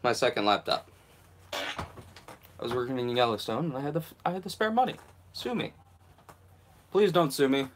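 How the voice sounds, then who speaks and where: A man's voice: mid-range voice, sing-song, a little fast, pauses often. Young man, casual live-stream host, self-mocking, rambling, guitar pick in mouth, phone mic, faint hiss. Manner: talking around a guitar pick in his mouth. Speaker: channel host.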